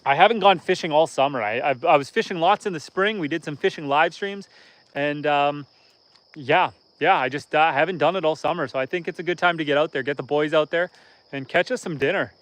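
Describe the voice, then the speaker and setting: Laid-back Canadian man, slightly higher voice, for a casual outdoor homestead livestream host. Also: fairly quick, a bit bright. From northern Canada. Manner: easygoing and rambling, reads viewer comments aloud.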